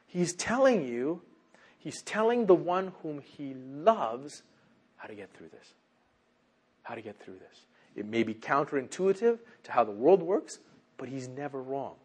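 A male pastor delivering a sermon with a lively, wide-ranging pitch that leaps high on emphasis. His voice is somewhat husky, and he drops to quiet, low tones between his louder exhortations. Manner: animated preaching, swinging from loud emphasis to hushed low tones.

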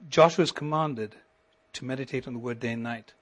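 Husky-voiced man preaching with swelling emphasis. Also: medium pitch, brisk. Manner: preaching with rising emphasis and sudden soft drops. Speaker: pastor. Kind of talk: sermon.

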